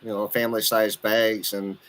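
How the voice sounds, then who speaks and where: A man's voice: on the low side, little pitch movement, moderate pace, a bit bright, rough recording. Retired wisconsin guy in his 60s, wisconsin accent, laid back caller chat. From southern Wisconsin. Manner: easygoing, plainspoken. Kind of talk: casual chat.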